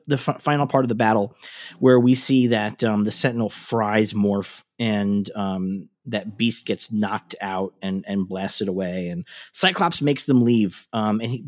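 A man recaps a cartoon episode in loose, casual chat, his pitch bouncing up and down as he goes. He swears freely and slips into the characters' lines as he tells it. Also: expressive, unhurried. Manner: swears freely, laughs often, acts out lines. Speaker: podcast co-host.

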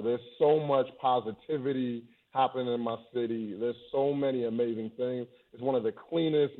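Man on a tinny video call. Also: mid-range voice. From England. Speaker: interview guest, travel YouTuber. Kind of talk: casual remote interview. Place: high-rise home in a city. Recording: tinny phone-like call audio.

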